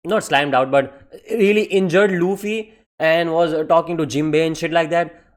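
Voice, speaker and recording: A man rants through a casual manga review in a slightly high voice, excitable and full of swearing. He says "man" at the end of almost every sentence and mocks characters in quick put-on voices.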